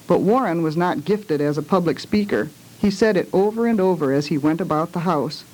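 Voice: mid-range voice, darkish tone, low-quality recording. A parent reading children's books aloud, with hesitant chatty asides between passages. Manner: measured, with small hesitations in asides. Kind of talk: read-aloud storytelling with asides.

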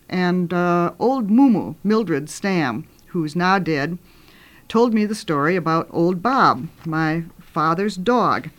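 An older woman, a radio host and children's author, telling ghost stories in an animated, dramatic way, with sudden loud bursts and hushed turns. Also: on the low side, muffled recording. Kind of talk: storytelling on radio.

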